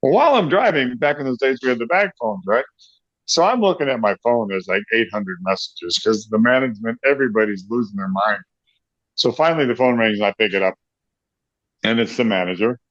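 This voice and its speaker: A rock singer in middle age, interviewed as a guest, spins an animated anecdote, laughing a lot and playing out the other people in it. His medium-pitched voice is fairly bright, fairly quick, and lively in intonation. The dry recording has a slightly dull, lo-fi sound.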